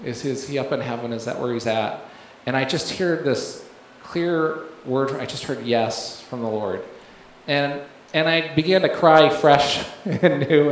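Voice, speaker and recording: A man giving a rambling testimony in a sermon, with many fillers and restarts, often laughing as he tells it. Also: fairly high pitch. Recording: very echoey room, faint background noise.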